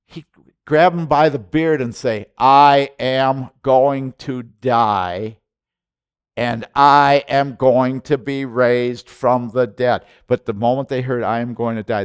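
A man preaching a sermon with passion, repeating words and swinging from loud to hushed. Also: on the low side, dry recording, clean studio sound. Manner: impassioned, repetitive, swinging between loud and hushed. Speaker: pastor.

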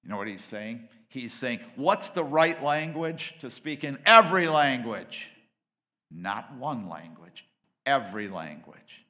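Bright-voiced impassioned male preacher. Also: medium pitch, big pitch swings, unhurried. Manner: impassioned, swings between loud emphatic peaks and hushed asides. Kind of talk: sermon.

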